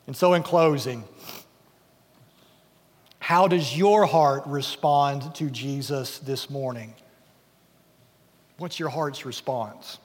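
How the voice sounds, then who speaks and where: A man preaching a sermon as pastor, earnest and sometimes dropping to a hush. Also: medium pitch, takes it slowly, pauses often. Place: church sanctuary. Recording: long church-hall reverb.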